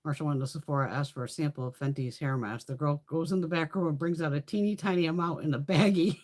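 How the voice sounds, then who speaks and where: A woman's voice: low voice, fast, few pauses, darkish tone. A woman hosting a casual makeup livestream, telling stories bluntly with plenty of swearing and reading out viewer comments. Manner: profane, blunt storytelling, reads viewer comments. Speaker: livestream host.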